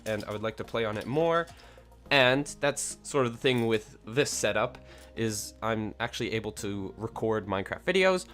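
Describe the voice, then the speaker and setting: A man's voice: mid-range voice, fairly bright tone. A man hosting a casual livestream, rambling with lots of fillers and self-corrections from a somewhat echoey room at home. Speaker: livestream host.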